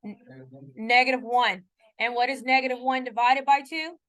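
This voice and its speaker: High-voiced chatty woman math teacher. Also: steady tone, normal speed, fairly bright tone. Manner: chatty, often checks in with students; playful self-mocking asides. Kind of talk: classroom lecture. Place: classroom.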